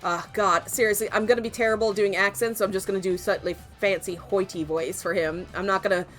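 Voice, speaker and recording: A woman's voice: mid-range voice, steady tone, fast, faint music behind. A woman streaming a video game, chatting playfully and joking about the characters. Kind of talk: casual gaming commentary.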